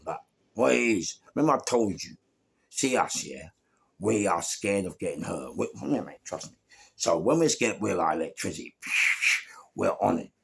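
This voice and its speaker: A gravelly, husky man with a London accent spins a rough street anecdote to camera. His pitch leaps up and down as he tells it, and he swears freely and hammers his points home with a streetwise edge. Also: fairly bright tone. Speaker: storyteller. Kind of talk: casual anecdote told to camera.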